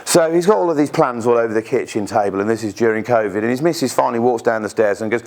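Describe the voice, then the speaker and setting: A British man talks to a room of investors in a loose, chatty way, tossing in asides and little acted-out quotes. His voice sits at a middling pitch for a man. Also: quick pace, hardly any pauses, a little mellow. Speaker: speaker at an investor networking event. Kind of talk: informal presentation with anecdotes.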